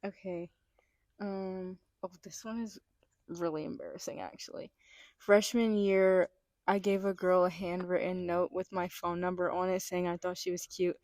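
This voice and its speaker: A woman's voice: fairly low pitch, flat delivery, moderate pace, darkish tone, no room sound. A young woman co-hosting a casual chat, reading listener stories aloud in a giggly, filler-heavy way. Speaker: podcast co-host.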